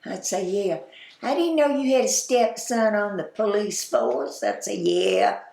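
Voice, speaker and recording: Slow gravelly older Southern woman. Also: medium pitch, expressive, a little mellow, reverberant, a little hiss or hum. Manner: folksy, chatty, laughs while telling anecdotes. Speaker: interviewee, former store owner. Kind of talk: oral history storytelling.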